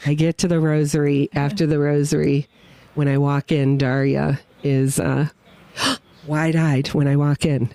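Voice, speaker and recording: A woman's voice: low-pitched, unhurried, dry recording. A woman guest on a podcast, telling a personal story with feeling and acting out what people said. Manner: animated, emotional storyteller who acts out quotes. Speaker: guest witness. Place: winery.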